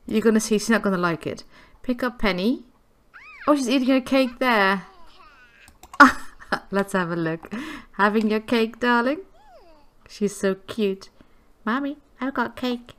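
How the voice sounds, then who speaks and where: A woman's voice: mid-range voice, a bit bright. Giggly woman narrating gameplay. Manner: chatty, giggly, coos at game characters. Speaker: gameplay video creator. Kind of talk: casual gameplay commentary.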